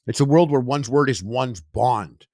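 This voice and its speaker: A man's voice: medium pitch, measured pace, a little mellow, dry recording, clean studio sound. A man co-hosting a food podcast in casual, jokey banter. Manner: jokey, puts on mock British voices. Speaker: podcast co-host.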